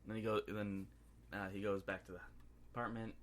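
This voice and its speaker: Brief: male podcast co-host, lowish voice, excitable scene-by-scene movie recap. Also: a little hiss or hum. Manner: excitable scene-by-scene recap, dropping into quick impressions. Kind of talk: casual movie review chat.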